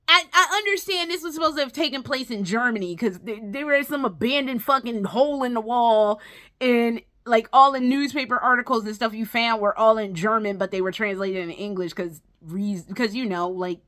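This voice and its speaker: High bright-voiced woman ranting on her gaming vlog, cussing a lot, exasperated. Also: normal speed. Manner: profane, exasperated ranting with mocking whiny impressions. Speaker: gaming vlogger.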